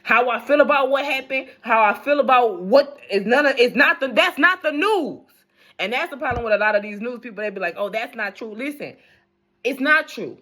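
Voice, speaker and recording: A woman's voice: fairly high pitch, expressive, brisk, fairly bright tone. A young adult woman speaking, delivering a blunt, rambling rant on the news with plenty of profanity. She talks casually and unscripted, restarting her sentences as her thoughts run ahead. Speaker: news commentator vlogger.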